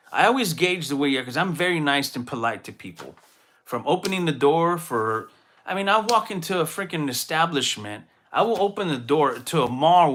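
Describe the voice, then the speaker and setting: Bright-voiced man rambling as a podcast host. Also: fairly high pitch. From Texas. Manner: rambling, animated storytelling with frequent restarts. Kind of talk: casual solo monologue.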